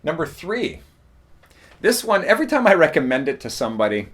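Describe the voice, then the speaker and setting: A man teaching in a relaxed spoken lesson, explaining tips at an easy pace with frequent ums and uhs. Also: fairly high pitch, brisk. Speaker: English teacher.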